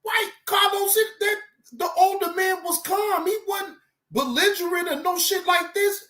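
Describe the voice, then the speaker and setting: A woman hosting a reaction video, talking in loud, cursing, indignant outbursts. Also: very high-pitched, normal speed. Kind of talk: casual reaction commentary.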